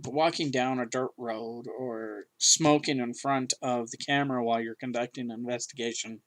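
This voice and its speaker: A man co-hosting a podcast, talking in an emphatic, rambling way with many restarts. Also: mid-range voice. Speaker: podcast co-host. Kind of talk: casual chat.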